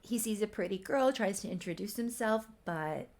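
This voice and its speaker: A woman's voice: medium pitch, animated, normal speed, a little mellow. A woman reading her own old story aloud in a casual, amused way, with wry asides. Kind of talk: casual riffing read-aloud.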